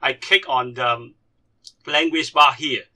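A man giving a step-by-step computer screen tutorial as a language teacher, speaking with halting, grammar. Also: medium pitch, bright, forceful tone. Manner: halting, non-native grammar.

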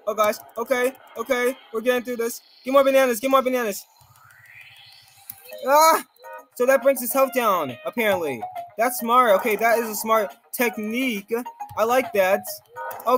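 A man giving jittery, excitable live gameplay commentary, talking to himself and to viewers and exclaiming nervously throughout. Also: very high-pitched. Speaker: gaming video creator.

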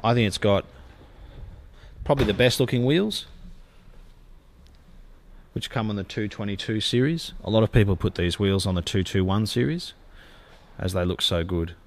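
A man's voice: lowish voice, normal speed, pauses often, a little hiss or hum. A man giving a gushing car-sales walkaround as a dealer. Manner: enthusiastic, gushing sales talk.

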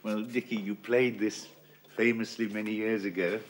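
Man, middle-aged, low voice, acting teacher, precise, persistent explaining. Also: fairly even intonation, normal speed. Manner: precise, persistent, insists on his point. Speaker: acting teacher leading a masterclass. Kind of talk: explanatory, probing coaching.

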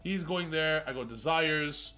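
A channel host with a fairly high voice narrates card game replays in an unhurried way, full of boastful, hyped energy that blends trash talk with self-mocking jokes. A quiet music bed runs underneath.

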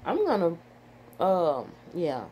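An older woman rambles on her home vlog, her pitch climbing and dropping as she swears and laughs at herself. She talks at a slow, drawn-out pace into her phone or computer mic. A faint hum of room noise sits under her voice. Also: wildly swooping pitch, mellow. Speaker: YouTuber. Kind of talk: casual vlog chat.

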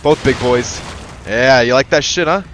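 A man giving let's-play commentary, excitable and profane, yelling at the game and talking to his in-game partner like a buddy. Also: medium pitch, normal speed, a little hiss or hum. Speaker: gaming channel host.

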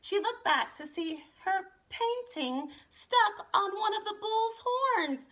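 A woman art teacher reading a children's picture book aloud with an expressive, animated delivery. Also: very high voice, slow pace. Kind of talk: storybook read-aloud.

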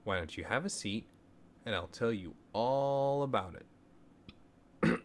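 A man reading a children's story aloud in a low voice. He takes his time with each line, and his pitch rises and falls in a lively, expressive way. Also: takes it slowly. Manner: gentle, expressive storybook narration.

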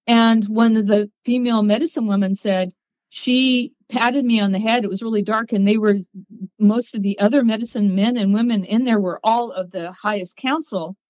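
A woman guest on a podcast, telling her story in a lively way and acting out the voices of people she quotes. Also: fairly high pitch, moderate pace, no echo, highs cut off. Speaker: guest, psychic.

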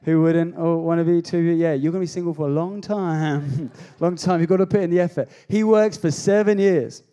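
A man preaching a comedic youth sermon, energetic and jokey, calling out to the crowd. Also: a little high, brisk, clean tone. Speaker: pastor.

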